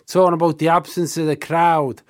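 A man's voice: a little high, level tone, brisk. A man interviewing a guest, affirming the answers and leading with questions. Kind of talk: podcast interview.

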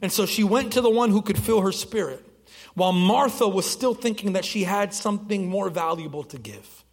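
High-voiced pastor in a hall. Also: male voice, normal speed, breathy edge. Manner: conversational storytelling with restarts. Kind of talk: sermon. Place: church sanctuary.

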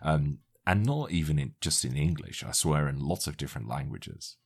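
A man's voice: extremely low pitch, expressive, normal speed, creaky, breathy edge. A man talking in a casual interview, blunt and playful, swearing freely. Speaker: guest.

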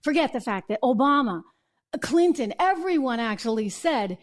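A woman's voice: high voice, expressive, normal speed. A woman from New Hampshire hosting an opinion show, indignant and full of rhetorical questions. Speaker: host.

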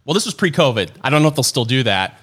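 A man co-hosting a podcast, rambling and halting as he explains his food habits. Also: medium pitch, very animated, a bit bright, husky. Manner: rambling, halting, self-mocking. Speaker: podcast co-host. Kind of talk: casual chat.

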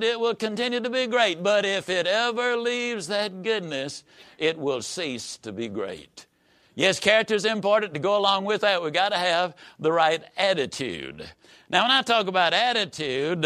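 A man giving a motivational speech in an emphatic, preacher-like way, swinging from loud rises to low, quiet drops. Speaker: motivational speaker.

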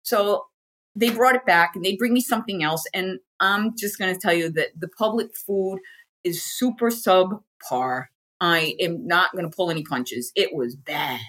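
An American woman appears as an interview guest, talking frankly and casually about something that happened to her and acting out what people told her. Her lowish voice is fairly bright at a normal speed.

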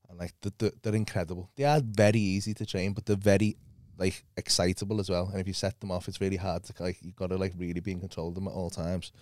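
A young man, a comedian telling animated, sweary stories in casual podcast chat. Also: low-pitched, fast, hardly any pauses, dry recording, clean studio sound.

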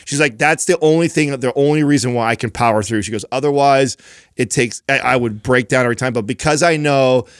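Animated storytelling man, dry close sound. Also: medium pitch, a little fast, smooth, no room sound. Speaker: podcast co-host. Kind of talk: casual chat.

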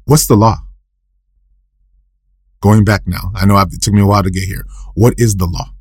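A man's voice: fairly even intonation, moderate pace, slightly rough, no echo, clean studio sound. A man preaching a sermon, asking and answering his own questions and rising sharply for emphasis. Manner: asks and answers his own questions, repeats scripture quotes; rises sharply in pitch and volume for emphasis. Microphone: recorded for a podcast.

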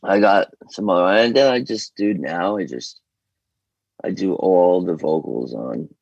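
A man's voice: deep voice, a little slow, vocal fry, a little mellow, no echo, dull audio. A man from New York with an American accent, chatting loosely as a guest vocalist, rambling and swearing freely. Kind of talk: casual interview chat.

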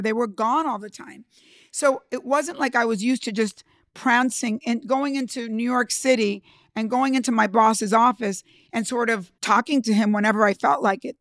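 A woman's voice: a little high, fairly bright tone, no echo, clean studio sound. Emphatic woman telling her own story. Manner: emphatic, emotional, addresses listener directly. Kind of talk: personal storytelling talk.

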